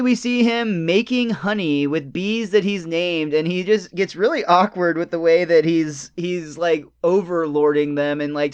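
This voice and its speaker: A man hosting a podcast, casually recapping scenes in a lively, storytelling way. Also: fairly high pitch, clear, resonant tone, highs cut off. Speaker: podcast host.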